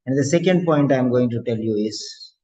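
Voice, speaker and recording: A man's voice: medium pitch, fairly quick, dark tone. A male exam coach giving a motivational lecture, preachy and repeating phrases for emphasis. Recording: dull lo-fi lecture audio.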